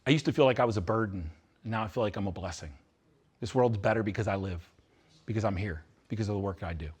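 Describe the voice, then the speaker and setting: Fast, fairly low-pitched, a little mellow and slightly rough, a man's voice fills a large indoor room where students at a youth retreat are listening live. His motivational talk with Q&A is blunt and intense, with points repeated for emphasis.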